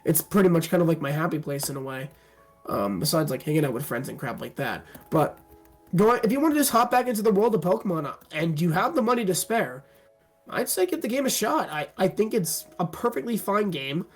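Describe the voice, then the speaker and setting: A young man co-hosting a podcast, chatting casually, swearing and getting loud in bursts. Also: high-pitched, expressive, brisk. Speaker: podcast co-host. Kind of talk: casual chat. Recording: faint music behind.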